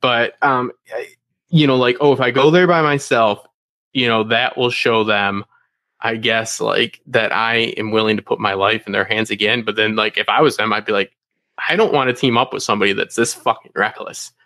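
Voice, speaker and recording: A man's voice: lowish voice, normal speed, dry recording. Profane, rambling young man. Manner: animated, profane, rambling with many fillers. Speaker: podcast panelist. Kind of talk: casual fan discussion.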